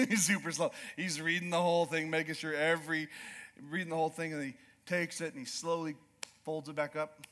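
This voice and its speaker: Telling an animated personal story as part of his sermon, this middle-aged pastor from Alaska occasionally mimics slow drawling speech. His voice sits fairly high.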